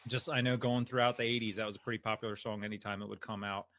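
Bright-voiced man hosting a podcast. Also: lowish voice, flat delivery, very fast, a little hiss or hum. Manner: laughs often, upbeat. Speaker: podcast host. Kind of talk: casual chat about a film.

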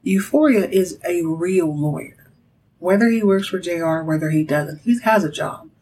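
A woman hosting a podcast, recapping a soap opera episode in a sassy, animated storytelling way, with direct asides to her listeners. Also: fairly low pitch, moderate pace, husky, rough recording. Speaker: podcast host.

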